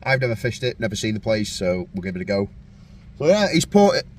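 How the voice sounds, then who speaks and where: A man's voice: on the low side, big pitch swings, a little fast, slight background noise. A man hosting a fishing vlog in casual, jokey banter, often laughing and teasing his mate. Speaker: fishing video host.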